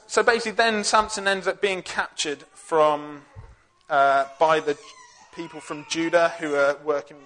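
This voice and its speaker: A man's voice: a little high, a bit bright. A young man giving a casual, jokey Bible talk full of fillers and slang. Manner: chatty, jokey, with lots of fillers. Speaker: youth Bible teacher.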